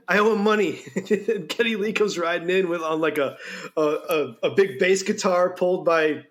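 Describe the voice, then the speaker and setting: A man's voice: high voice, a little slow. A man hosting a podcast, chatting casually and laughing at his own jokes. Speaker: podcast host. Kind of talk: casual chat.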